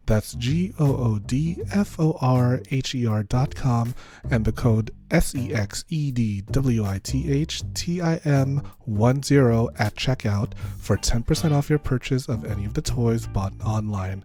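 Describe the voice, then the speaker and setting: A man's voice: medium pitch, mellow. Campy, raunchy young male podcast host.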